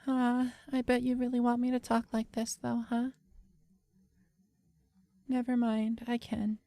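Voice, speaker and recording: A man's voice: very high-pitched, completely flat delivery, a little slow, creaky, mellow, no echo, voice pushed up, full character voice. A man with a stuffy nose putting on a coy, teasing young anime girl voice on a stream. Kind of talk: streamer's put-on voice.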